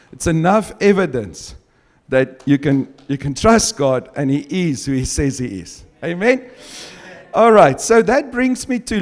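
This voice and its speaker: Preaching a sermon, an Afrikaans-speaking man reads scripture slowly and emphatically, often chuckling between points. His voice sits high, and the recording carries a long hall reverb.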